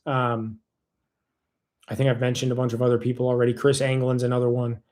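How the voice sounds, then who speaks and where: A man's voice: medium pitch, completely flat delivery, a little fast, a little mellow. A man hosts a casual livestream, reading through viewer comments and thanking people one by one. His talk is rambling and heartfelt, with restarts where he loses his train of thought. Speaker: livestream host.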